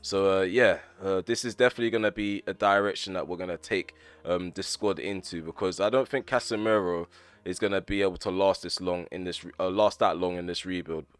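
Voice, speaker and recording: Excitable man commentating a game. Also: deep voice, clear, resonant tone, dry recording. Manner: excitable, quick to rant at the referee. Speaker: gaming YouTuber. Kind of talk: live gameplay commentary.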